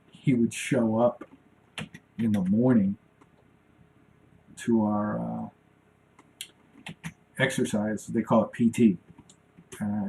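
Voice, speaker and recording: A man's voice: mid-range voice, creaky, mellow, a little hiss or hum, low-quality recording. A man in his forties chatting casually on a live stream while he draws, rambling and talking to himself as he works. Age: 40s. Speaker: cartoonist streaming while drawing.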